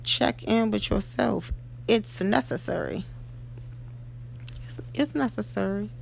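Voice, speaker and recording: Woman w/ a really gravelly voice, slow deliberate talk, faint hum behind, keeps saying "okay?". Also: medium pitch. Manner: emphatic, keeps asking "okay?" and "you know?". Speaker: podcast host. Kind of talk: motivational monologue.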